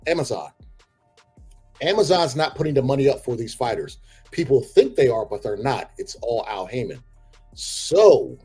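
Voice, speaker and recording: Man, sports talk host, husky, opinionated, animated rants. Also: mid-range voice. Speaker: combat sports commentator.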